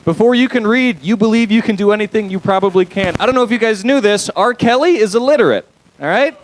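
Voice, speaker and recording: A man's voice: sits high, fast talker, slight background noise, rough recording. A young man performing a stand-up comedy set on a club stage, talking loosely with lots of fillers and crude asides.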